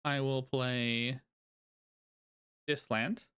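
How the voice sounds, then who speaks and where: A man casually narrating his own card game play, thinking aloud, counting out loud and laughing often. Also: medium pitch, fairly even intonation, extremely slow, smooth. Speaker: card game content creator. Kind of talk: casual gameplay commentary.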